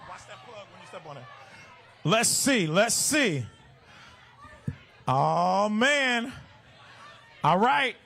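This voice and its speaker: A man working as an event MC, shouting playfully to a crowd of kids and running call-and-response games. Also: high-pitched, very animated, slow, gravelly, pauses often. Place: outdoor stadium fan event.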